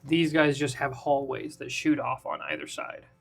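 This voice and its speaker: A man's voice: medium pitch, fairly even intonation, normal speed, creaky, slightly rough. A man running a tabletop game as game master, narrating casually and laughing often, with faint music behind. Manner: casual, laughs often, thinks aloud while drawing the map.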